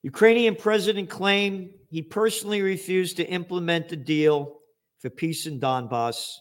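A man delivering a political commentary rant, sarcastic and profane, rising to angry shouts. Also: high voice, normal speed.

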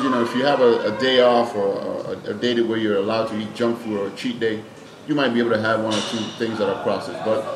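A man, a fitness trainer and nutrition coach, answering interview questions in a plain-spoken, emphatic way and often repeating words as he thinks. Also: medium pitch. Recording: echoey room with background noise.

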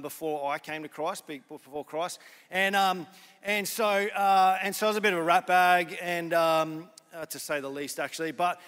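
A man's voice: high-pitched, a bit bright. A young adult man, preaching a sermon in a church hall, telling stories casually with many fillers and restarts. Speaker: pastor. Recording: long hall reverb.

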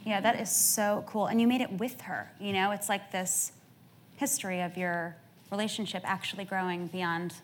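A woman's voice: mid-range voice, fairly even intonation, slight background noise. Enthusiastic woman interviewer onstage. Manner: enthusiastic, quick affirming reactions. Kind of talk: casual onstage conversation. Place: stage before a live audience.

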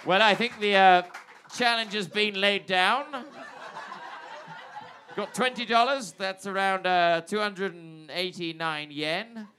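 A man's voice: high-pitched, takes it slowly, bright, forceful tone, slight background noise. A man hosting an improvised comedy show, reading mock news with hesitant fillers and breaking into laughter. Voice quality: hesitant, laughing through lines. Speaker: comedy podcast host.

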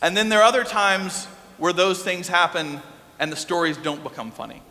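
A middle-aged man delivers a storytelling sermon in a high, bright voice. He is animated and lively at the pulpit. The sound rings with the long reverb of a large church hall. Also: normal speed. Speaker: pastor.

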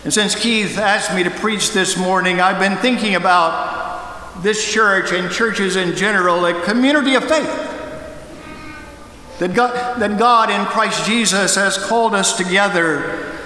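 A man preaching a sermon as a guest pastor, storytelling with pointed pauses, heard in a large church sanctuary over a pulpit mic. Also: high voice, sharp tone, a little hiss or hum. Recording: echoey hall with long reverb.

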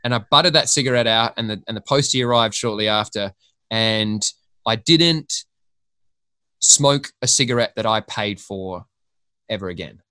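Aussie bloke rambling on a podcast, swears a lot, bright crisp voice. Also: male voice, fairly low pitch, moderate pace, dry recording. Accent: Australian. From Australia. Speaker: podcast guest. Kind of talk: casual chat.

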